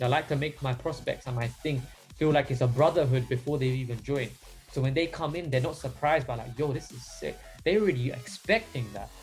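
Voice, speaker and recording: A young man coaching his team in a casual, energetic training talk, with many fillers along the way. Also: mid-range voice. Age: young adult. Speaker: sales mentor.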